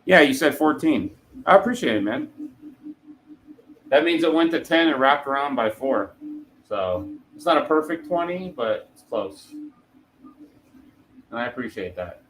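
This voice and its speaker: Laid-back guy rambling to his stream chat, middle pitch, bit of faint hiss behind. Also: expressive, a little slow, long pauses, low-quality recording. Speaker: 3D printing livestreamer. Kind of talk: casual livestream chat. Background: printer running.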